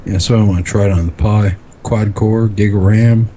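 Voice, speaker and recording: Guy rambling through a story, kinda low warm voice, um and uh a lot. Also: steady tone, moderate pace, a little hiss or hum. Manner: rambling storyteller, many fillers. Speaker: podcast co-host. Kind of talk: casual chat.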